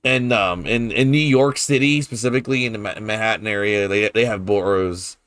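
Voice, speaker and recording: A man's voice: on the low side, brisk, fairly bright tone, dry recording. A man with a New Orleans accent chatting casually while streaming a game, laughing often and swearing loosely. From New Orleans, Louisiana. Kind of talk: casual chat over gameplay.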